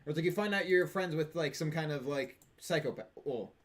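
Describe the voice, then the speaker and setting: A man's voice: on the high side, fairly quick, a bit bright. A man co-hosting a casual podcast, rambling with many fillers. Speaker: podcast co-host.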